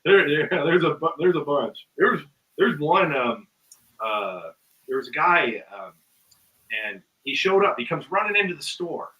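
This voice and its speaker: The mic sits far from this guest musician, and the audio is dull. In a fairly high, animated voice and a slightly slow pace, he spins a long, rambling tale in casual chat, peppered with ums and uhs, voicing the people in it and laughing along.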